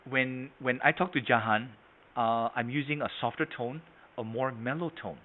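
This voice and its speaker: A man leading an online sales training session. He talks interactively, calling participants by name and asking "right?" and "okay?", and he shifts between a soft tone and a strong one to demonstrate his points. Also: mid-range voice, moderate pace, a little hiss or hum. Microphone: video call. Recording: tinny phone-like online call audio.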